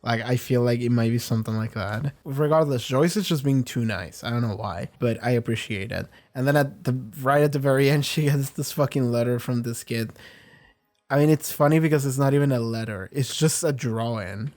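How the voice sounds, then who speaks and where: A man's voice: medium pitch, a little fast, darkish tone. A man hosting a reaction video, rambling candidly through an episode review, with casual swearing and frequent restarts.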